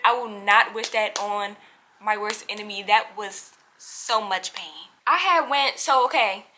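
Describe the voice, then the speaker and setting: A young woman telling a storytime vlog to her viewers in an animated, chatty way, acting out what other people said. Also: mid-range voice, measured pace. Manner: acts out other people's lines in quotes. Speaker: vlogger.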